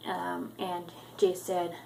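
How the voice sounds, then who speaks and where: Hesitant and filled with ums and uhs, a woman gives her viewers a casual spoken recap of a book chapter in loosely connected sentences. Her lowish, gravelly voice is monotone, slow, and dark in tone, and the rough recording carries a little hiss or hum.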